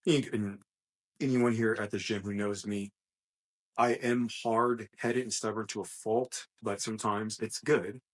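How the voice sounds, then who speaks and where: A man's voice: on the low side, fairly even intonation, measured pace. A man co-hosting a gym podcast, talking in an earnest, motivational way and often restarting his sentences as he thinks aloud. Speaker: gym coach and podcast co-host. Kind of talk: casual podcast chat.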